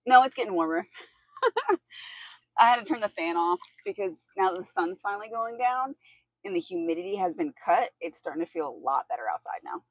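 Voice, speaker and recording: Her voice is medium-pitched with lively intonation and a fairly quick pace, clean with no echo. She's livestreaming from an outdoor hot tub, casually chatting, reacting to chat, and giggling a lot.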